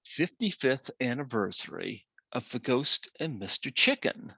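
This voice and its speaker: Man in his forties, slow halting host, dry close sound, dull lo-fi audio. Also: mid-range voice, big pitch swings, vocal fry, bright, forceful tone, husky, dry recording. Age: 40s. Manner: slow, halting, many fillers. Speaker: podcast host. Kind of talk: casual interview.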